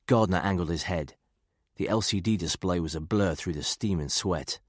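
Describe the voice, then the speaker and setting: A man reading a thriller audiobook in a measured, even way. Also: low voice, no echo, studio quality. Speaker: audiobook narrator. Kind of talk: scripted thriller narration.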